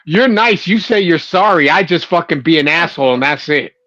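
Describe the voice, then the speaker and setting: Higher-voiced blunt man on a dull, dry line. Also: lively intonation, fairly quick, bright, forceful tone, no echo. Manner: blunt, plainspoken, stumbling restarts. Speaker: podcast co-host. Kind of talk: casual sports podcast chat.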